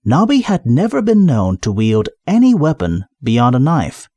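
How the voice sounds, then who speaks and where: A man narrating a comic fantasy audiobook in a lively, expressive storytelling voice. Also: mid-range voice, moderate pace, no echo.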